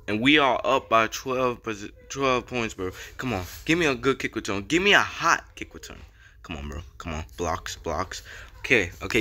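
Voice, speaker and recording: A young man giving casual commentary over his football video game, slangy and excitable, repeating chants and getting hyped on big plays. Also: mid-range voice, brisk. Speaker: gaming YouTuber. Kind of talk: gameplay commentary.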